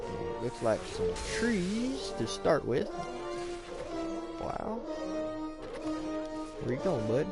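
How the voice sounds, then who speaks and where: Slow, laid-back gaming commentator man. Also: loud music behind the voice. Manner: relaxed, low-key remarks while playing. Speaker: gameplay video host. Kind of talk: gameplay commentary.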